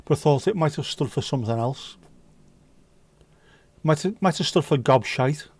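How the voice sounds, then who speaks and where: A man's voice: fairly high pitch, animated, normal speed, a little mellow, husky. A man from the UK hosting a casual livestream, chatting and joking and reading out viewer comments. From United Kingdom. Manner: chatty, jokey, reads viewer comments aloud. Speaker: livestream host.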